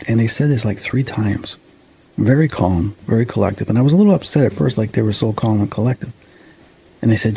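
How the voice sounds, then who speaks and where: A man in his fifties from the Chicago suburbs, a paranormal investigator telling a story in a rambling, halting way with restarts. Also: on the low side, gravelly, darkish tone, slight background noise, poor audio. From Chicago suburbs, USA. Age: 50s. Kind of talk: casual storytelling interview.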